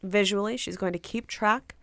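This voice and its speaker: Careful woman player, smooth voice. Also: medium pitch, fairly even intonation, bright, forceful tone, dry recording. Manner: careful and deliberate, laying out a plan step by step. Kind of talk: tabletop role-play.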